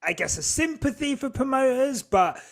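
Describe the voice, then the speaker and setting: A man co-hosting a casual podcast, talking in an animated, ranting way and swearing freely. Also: very high voice, normal speed. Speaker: podcast co-host.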